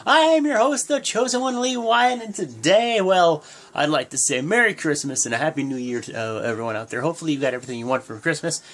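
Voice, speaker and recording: A young man hosting his own channel, recapping a wrestling show in a casual, excitable way with lots of fillers and sudden jumps in pitch. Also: fast. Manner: excitable, acts out quotes in jumpy high voices, many fillers. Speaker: host of a wrestling reaction channel. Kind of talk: casual recap talk to camera.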